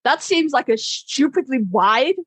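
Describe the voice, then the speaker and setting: A woman's voice: sits high, lively intonation, unhurried, fairly bright tone, no echo. A woman co-hosting a podcast in casual chat, blunt and self-deprecating, swearing freely. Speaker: podcast co-host and instructor.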